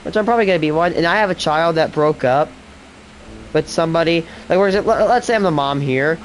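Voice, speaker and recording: A man's voice: fairly high pitch, quick pace, a little hiss or hum. A man streaming a game, commenting casually with rambling asides and fillers. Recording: music in the background.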